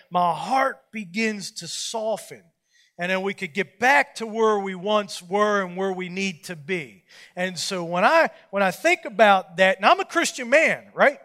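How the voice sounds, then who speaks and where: A man with a high voice preaches in a relaxed storytelling style. He pokes fun at himself and livens up as he acts out the scenes, keeping it casual and folksy. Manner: folksy, self-mocking, animated when retelling scenes. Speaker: preacher leading a Bible study. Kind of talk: storytelling sermon.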